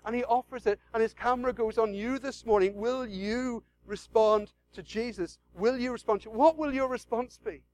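Male preacher with a high voice, impassioned, repeats lines, drops from loud urging to a near hush. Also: normal speed, hardly any pauses, low-quality recording. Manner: impassioned, swings from loud urging to hushed pleading; repeats phrases for emphasis, acts out prayers. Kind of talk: sermon.

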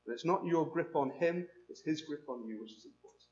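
Man, preacher, sermon, emphatic, repeats phrases, high voice, echoey church. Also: brisk, slight background noise. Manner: earnest, emphatic, repeats phrases, animated when quoting. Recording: echoey, dull lo-fi room recording.

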